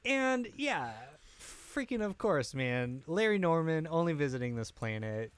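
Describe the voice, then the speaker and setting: A man co-hosting a podcast in casual chat, animated, laughing often and talking with lots of filler words into a podcast mic. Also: fairly high pitch, measured pace, smooth, no echo. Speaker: podcast co-host. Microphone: podcast mic with pop filter.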